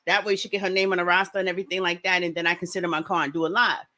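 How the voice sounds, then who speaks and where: Fast-talking woman hosting a livestream. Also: on the low side, flat delivery, pushed and bright. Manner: fast-talking, greets viewers by name. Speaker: livestream host. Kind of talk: casual livestream chat.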